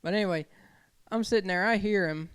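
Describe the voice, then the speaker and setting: A man co-hosting a podcast, relaxed as he tells his story and laughs between lines. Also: sits high, fairly quick, smooth. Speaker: podcast co-host. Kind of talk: casual chat, telling ghost stories.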